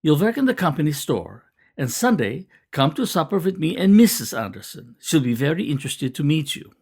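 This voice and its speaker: A man's voice: fairly high pitch, very animated, brisk, darkish tone, breathy edge, voice pushed up, full character voice. A man voicing a young, hearty male cannery boss with a Norwegian accent who speaks in effusive exclamations.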